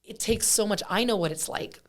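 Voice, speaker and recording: A woman from Pennsylvania, a guest musician telling stories in a casual interview, animated and chatty with lots of fillers. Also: mid-range voice, a little fast. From Pennsylvania, USA.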